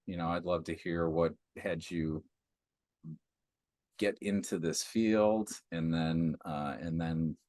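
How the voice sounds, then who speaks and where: Male podcast host, low voice, easygoing interviewer, dry recording. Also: dry recording. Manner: easygoing, interjects with short encouragements.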